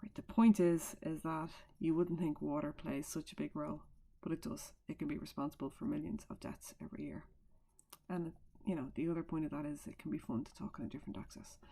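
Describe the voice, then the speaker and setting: Low, creaky-voiced woman teacher. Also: fairly even intonation, fairly quick, warm tone. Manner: chatty, explains with asides and fillers. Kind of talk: recorded remote lesson. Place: at home.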